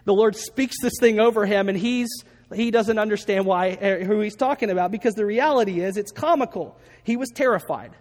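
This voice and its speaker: In a sermon echoing with long reverb, a pastor tells a story and gives voice to its characters. He's high-pitched and a little fast, with a darkish tone.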